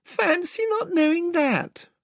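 A man voicing a peevish seasick boy who whines in a high, irritable voice. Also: lively intonation, slow, a bit bright, no room sound, clean studio sound, exaggerated voice.

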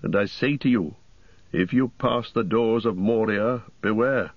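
A man's voice: on the low side, a little slow, no echo, lo-fi sound. A man voicing a grim weary ranger. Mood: grave. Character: grim, weary human ranger, stern warrior.

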